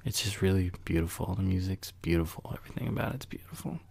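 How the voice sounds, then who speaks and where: A man with a low, very gravelly voice talks casually on his solo podcast. His tone is dark and mellow, and his speech wanders and reflects, with sighs and easy laughs. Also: quick pace. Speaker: podcast host.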